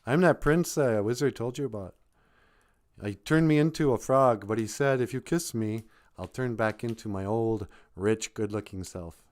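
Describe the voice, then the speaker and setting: A man's voice: medium pitch, normal speed, natural voice. A man voicing a smug, laid-back male frog who claims to be an enchanted prince.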